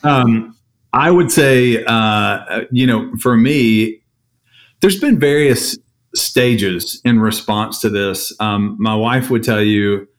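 A man's voice: lowish voice, takes it slowly. A man co-hosting a podcast, speaking reflectively with frequent hesitations. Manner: reflective, hesitant, many fillers. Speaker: podcast co-host. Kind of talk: casual chat.

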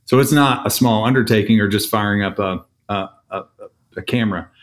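Low-voiced man speaking reflectively. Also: brisk. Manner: reflective, hesitant, many fillers. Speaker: podcast co-host. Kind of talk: casual chat.

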